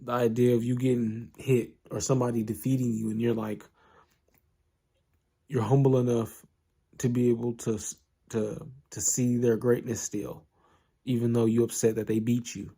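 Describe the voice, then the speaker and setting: Relaxed man, mid-pitched, slangy casual anime recap. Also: moderate pace, husky. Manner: relaxed and slangy, full of fillers and asides.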